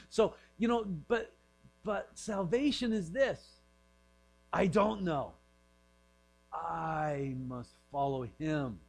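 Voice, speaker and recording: Pastor, male, light-pitched, casual joking delivery with hushed acted asides; faint electrical hum. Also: low-quality recording. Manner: joking, acts out voices in quiet asides. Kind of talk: conversational sermon.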